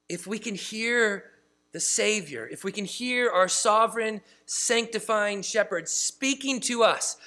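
A man preaching as a pastor and church planter, moving between emphatic stresses and quiet, low asides. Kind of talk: sermon.

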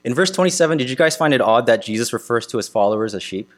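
A man's voice: medium pitch, lively intonation. A preaching man over faint mains hum. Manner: earnest preaching with rhetorical questions and emphatic pauses. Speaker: pastor. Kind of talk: sermon.

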